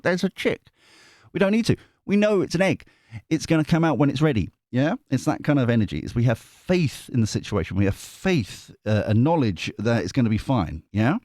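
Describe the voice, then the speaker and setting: Male tarot host, rambling and lively, pitch jumping around, dry close sound. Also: no room sound. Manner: rambling, animated, with many restarts and asides. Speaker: tarot reader, channel host. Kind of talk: casual monologue before a card reading.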